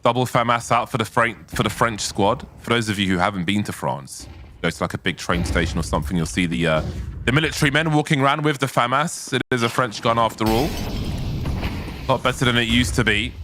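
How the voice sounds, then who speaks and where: Bright-voiced male esports commentator. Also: mid-range voice, a little fast, slight background noise. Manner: conversational, rises to excited calls. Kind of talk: play-by-play and analysis commentary.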